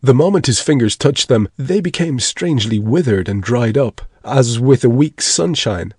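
A man narrating a story in a deliberate storytelling way. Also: mid-range voice, expressive, a little mellow, breathy edge, no echo, studio quality. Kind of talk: scripted narration.

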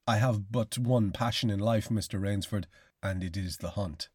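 A man voicing a cultured, courteous older aristocrat hunter with a quietly menacing edge, speaking slowly and deliberately in an audiobook reading. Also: fairly low pitch, husky, dry recording, clean studio sound. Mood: suave, menacing. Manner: slow, measured, courteous delivery.

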